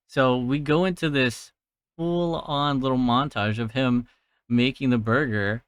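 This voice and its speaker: Young dude on his podcast retelling a movie, cussing a lot, middle pitch, dry close sound. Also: a little slow, clean tone, no room sound. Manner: profane, laid-back, laughs at his own jokes. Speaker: podcast host recapping a film. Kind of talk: casual solo movie recap.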